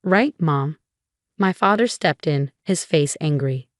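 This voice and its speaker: A woman reading a scripted first-person story in an even, measured way. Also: low voice, dry recording, studio quality.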